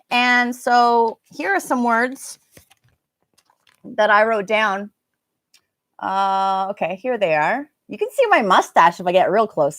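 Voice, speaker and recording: A woman's voice: medium pitch, fairly bright tone, no room sound, clean studio sound. A woman teaching a live online English pronunciation class, chatting casually and stretching out vowel sounds to demonstrate them.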